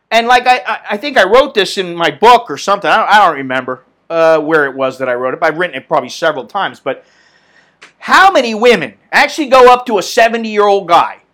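A man's voice: high-pitched, bright, forceful tone. A man in his mid-fifties hosting his own podcast, venting bluntly with lots of swearing and rambling restarts. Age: 50s. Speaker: podcast host. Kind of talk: solo podcast rant.

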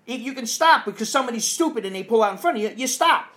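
A man with a notably high voice rants in a casual monologue. He is blunt and profane, swearing freely with no filter. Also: animated, fast talker, fairly bright tone. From United States.

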